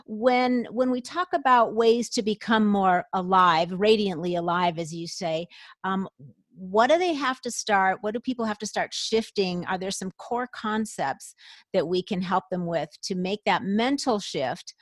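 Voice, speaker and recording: A woman's voice: mid-range voice, measured pace, dry recording, studio quality. A woman hosting a podcast, asking thoughtful, searching questions. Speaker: podcast host. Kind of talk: podcast interview.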